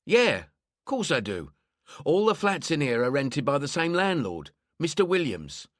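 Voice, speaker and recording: A man's voice: a little high, huge pitch swings, unhurried, fairly bright tone, dry recording, studio quality, pitched above the performer's own voice, exaggerated voice. A man voicing a suspicious older South London woman with a raised, grumbling voice. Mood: defensive.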